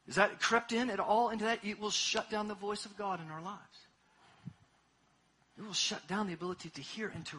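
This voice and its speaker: A man preaching a sermon as pastor, impassioned, swinging between hushed asides and loud exhortation. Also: sits high, breathy edge.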